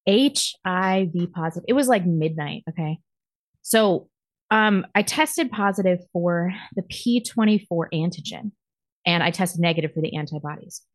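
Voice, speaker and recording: A woman co-hosting a podcast, telling a story in a profane, animated way and acting out other people's lines. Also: on the low side, moderate pace, no echo, clean studio sound. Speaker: podcast co-host. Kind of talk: casual storytelling.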